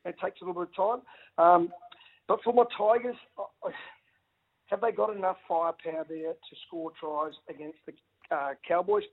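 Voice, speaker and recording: Excitable man on a phone line. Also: high-pitched, moderate pace. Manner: excitable, stammering restarts, says mate a lot. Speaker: former rugby league player, guest. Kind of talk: casual radio phone interview.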